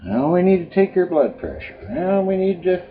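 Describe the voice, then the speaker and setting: A fussy nurse pesters a patient in a high, nagging singsong, as a man puts it on. The lilt rises well above the man's own register. The sound is dull and lo-fi, with faint music under it. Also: very animated, normal speed.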